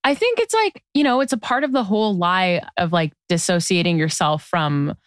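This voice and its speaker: A woman's voice: fairly low pitch, animated, moderate pace, no echo, clean studio sound. A woman co-hosting a podcast in casual chat, talking loosely with lots of "like". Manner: chatty, heavy use of "like". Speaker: podcast co-host.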